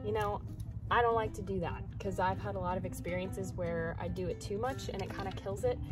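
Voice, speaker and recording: A woman's voice: mid-range voice, brisk, over music. A young American woman in her twenties chatting casually at home as she gardens, bubbly, hyper and rambling. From United States. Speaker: vlogger. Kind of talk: casual chat while gardening. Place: at home, indoors and in the yard.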